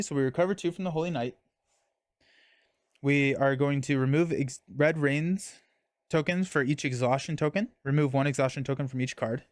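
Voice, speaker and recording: A man's voice: fairly high pitch, dry recording. A young man casually streaming a card game, talking through his moves and chatting with viewers. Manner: chatty, reads chat and thanks viewers mid-game.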